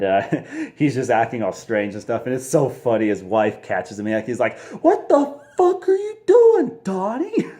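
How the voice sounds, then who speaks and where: A man's voice: lowish voice, darkish tone. A man casually reviewing a movie, rambling with lots of fillers and frequent laughs.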